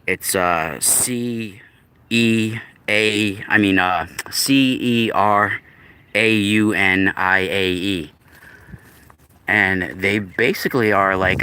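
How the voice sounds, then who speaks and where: A man's voice: deep voice, bright, forceful tone, slight background noise. A man vlogging casually outdoors in the woods, talking in a rambling way with restarts and spelling out words. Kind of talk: casual outdoor video talk.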